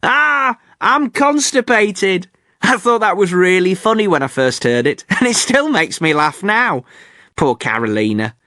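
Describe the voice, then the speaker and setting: A male podcast host presenting a scripted learner show in clear, careful speech with a lively, varied pitch. He sounds lightly amused, recorded on a close, dry studio mic. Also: moderate pace, dry recording.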